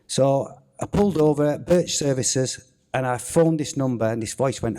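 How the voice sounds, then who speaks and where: A man, a former footballer telling a lively, swearing anecdote on a theatre stage. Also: medium pitch, moderate pace. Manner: swearing, animated anecdote telling with acted-out quotes. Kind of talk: on-stage storytelling. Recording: reverberant theatre hall.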